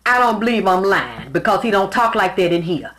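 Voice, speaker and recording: A woman's voice: mid-range voice, a little fast. A woman giving a spiritual reading in a casual monologue, telling stories bluntly with plenty of profanity. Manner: blunt, profane, animated storytelling. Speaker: spiritual reader.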